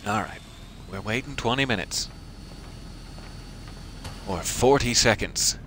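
A man's voice: mid-range voice, takes it slowly, a bit bright, slight background noise. A man giving casual let's-play commentary, rambling with self-deprecating asides. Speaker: gameplay commentator.

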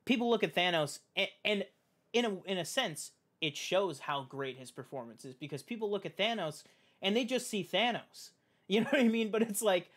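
A man hosting a podcast, chatting casually about films with animated, profane talk full of "like". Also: sits high, moderate pace. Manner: animated, profane, heavy use of "like". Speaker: podcast host. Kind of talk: casual film chat.

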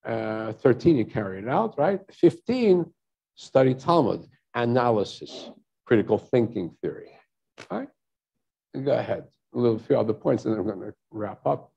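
A rabbi giving a teaching talk to a congregation, lecturing in an explaining tone and often checking in with "right?". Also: male voice, medium pitch, lively intonation, normal speed, gravelly, dark tone, husky, highs cut off. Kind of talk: teaching talk at a synagogue service.

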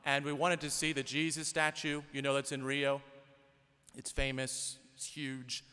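Conversational priest in an echoing church. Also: male voice, mid-range voice, completely flat delivery, a little slow, pushed and bright, clean tone. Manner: conversational, storytelling with rhetorical questions. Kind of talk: sermon. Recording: long church reverb.

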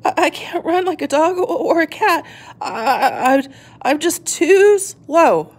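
A woman voicing a small, stubborn young girl tortoise in a children's storybook reading, with a high childlike pipe. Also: huge pitch swings, normal speed. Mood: sad.

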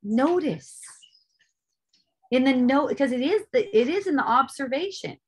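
A woman giving an earnest spiritual teaching in an online group talk, stressing points loudly and then dropping to soft asides, with casual swearing. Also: high-pitched, lively intonation, unhurried, breathy edge.

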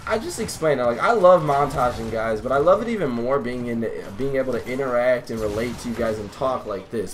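A man's voice: medium pitch, slight background noise. A young man giving live commentary over his own gameplay, talking to viewers, swearing, and getting hyped at his teammates. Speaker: gaming YouTuber.

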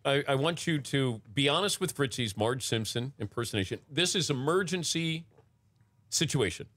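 Male talk show host, casual interview, lively pitch, quick conversational questions.

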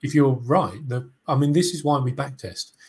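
A man with a husky, slightly breathy voice talks through his trades in a relaxed, casual way. He explains things step by step and often restarts his sentences. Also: medium pitch, normal speed. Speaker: co-host trader. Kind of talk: casual trading chat.

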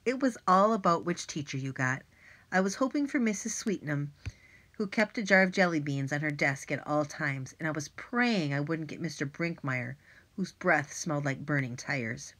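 A woman narrating a children's audiobook in an expressive, lively way. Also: low-pitched, moderate pace. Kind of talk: scripted narration.

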